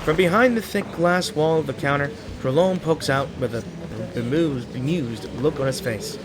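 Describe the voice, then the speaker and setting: A man's voice: fairly high pitch, normal speed, a crowd in the background. A man who makes gaming videos, casually reading a game's story aloud, often stumbling and correcting himself. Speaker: gaming YouTuber. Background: game music.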